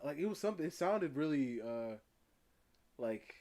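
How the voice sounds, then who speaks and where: Loud rambling streamer guy, off-mic. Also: on the high side, big pitch swings, moderate pace. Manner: rambling, full of fillers and self-quotes. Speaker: live streamer reacting to a video. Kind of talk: casual rambling chat.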